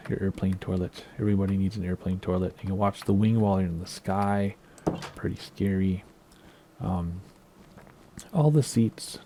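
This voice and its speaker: An American man giving a relaxed, rambling tour of his game build, with plenty of ums and asides. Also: lowish voice, gravelly, a little hiss or hum. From United States. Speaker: Minecraft video creator. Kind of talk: casual gameplay tour commentary.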